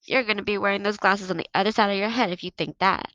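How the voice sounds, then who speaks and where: A woman's voice: medium pitch, fairly even intonation, fast talker, a bit bright, dry recording, highs cut off, lightly acted. A woman reading aloud and voicing a cocky, mocking teenage boy who leads the soccer team. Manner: taunting, swaggering.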